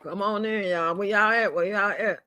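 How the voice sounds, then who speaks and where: On a home live stream, an older host fumes and curses, repeating himself and drawing out words. His high-pitched voice is bright and forceful, with fairly even intonation and a moderate pace.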